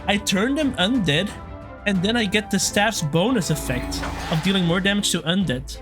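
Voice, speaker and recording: A young man chatting excitedly through his gameplay commentary, reacting out loud to every turn as he plays. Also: sits high, moderate pace, over music. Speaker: let's play gamer.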